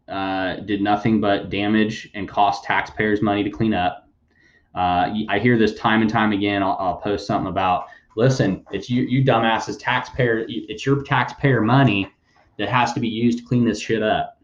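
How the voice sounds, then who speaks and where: A man's voice: lowish voice, steady tone, moderate pace, echoey room, highs cut off. A man hosting a podcast, giving blunt, sarcastic news commentary and swearing freely. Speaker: podcast host.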